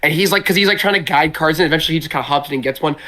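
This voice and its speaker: Young canadian guy on a podcast, bit high voice, rambly and jokey, swears a lot. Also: rapid-fire, pushed and bright. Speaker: podcast host. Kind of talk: casual chat.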